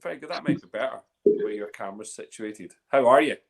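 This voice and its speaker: A man hosting a casual livestream chat, excitable and chatty, tripping over names. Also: on the low side, brisk, a crowd in the background. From Northern Ireland. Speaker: host.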